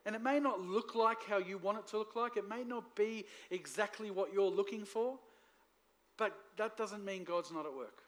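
High-pitched guy pastor giving a sermon in church, lively, keeps asking the crowd for amens. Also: moderate pace. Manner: lively preaching, asks the congregation for responses.

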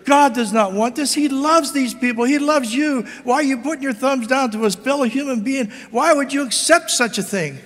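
A man's voice: very high-pitched, drawn-out words, bright, forceful tone, long reverb tail, pitched above the performer's own voice, exaggerated voice. A man voicing an anguished monk who pleads and cries out against slaughter in an arena. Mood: pleading. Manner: pleading, crying out.

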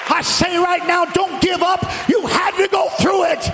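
A male pastor preaching a sermon in a shouting, rhythmic cadence, with music and a congregation behind him. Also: extremely high pitch, fairly even intonation, a little slow, a crowd in the background, noisy background. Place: church sanctuary. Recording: church hall reverb with music and congregation.

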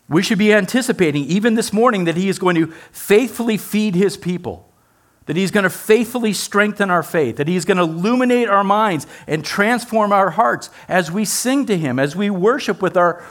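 Slightly high-voiced preaching man. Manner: conversational preaching with rhetorical questions; playful asides to the congregation. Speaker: pastor. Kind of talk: sermon.

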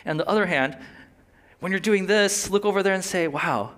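A pastor delivers a sermon in a loose, talkative manner. His voice sits a little high for a man, and he breaks off into quick asides and short laughs. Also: clean tone. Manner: animated, conversational preaching with quick asides and laughs.

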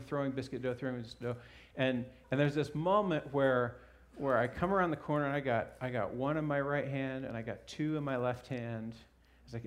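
Guy pastor from alaska telling a goofy childhood story in his sermon, mid-pitched, chuckling along. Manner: animated storyteller, chuckling through his own anecdote. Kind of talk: sermon with a humorous personal story.

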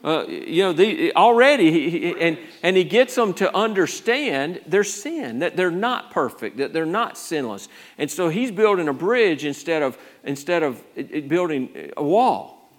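A man's voice: a little high, very animated, measured pace. A male pastor preaching a conversational sermon, rambling through restarts and rising to urgent emphasis.

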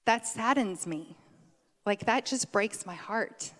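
A middle-aged woman giving a conversational sermon, chatty and quick to laugh, drifting off on tangents. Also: medium pitch, lively intonation, fairly bright tone. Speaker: preacher. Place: church sanctuary. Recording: long hall reverb.

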